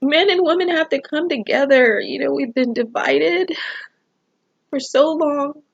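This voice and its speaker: A woman's voice: sits high, measured pace, gravelly. Rambling woman vlogger, lo-fi sound. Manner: rambling, emotional, full of fillers like "you know". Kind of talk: personal talk to camera.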